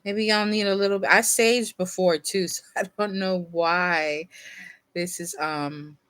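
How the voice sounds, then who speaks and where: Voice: medium pitch, steady tone, unhurried, sharp tone, smooth, dry recording. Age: unknown. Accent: none. Role: tarot reader. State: sleepy, yawning. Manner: rambling, casual, reads from a guidebook at times. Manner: rambling, self-interrupting, with laughs and fillers; reads card meanings from a guidebook aloud. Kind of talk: casual tarot reading to camera.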